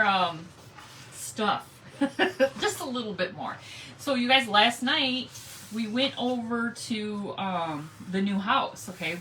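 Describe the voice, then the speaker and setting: A woman's voice: a little high, pushed and bright, far from the mic, slight background noise, rough recording. A woman hosting a live craft stream, chatting casually and greeting viewers by name as she works. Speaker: craft livestream host.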